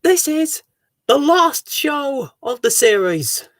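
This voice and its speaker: A host of a live Q&A stream, greeting viewers and reading their comments aloud in an excitable, sing-song way. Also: sits high, slow, dry recording, clean studio sound.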